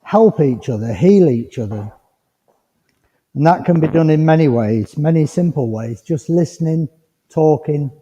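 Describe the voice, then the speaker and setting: Chatty medium in an echoing hall. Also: male voice, on the high side, expressive, measured pace, slight background noise. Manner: chatty, rambling, gently reassuring. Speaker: spiritualist medium. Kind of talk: mediumship demonstration to a congregation. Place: village hall. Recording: dull lo-fi recording with long hall reverb.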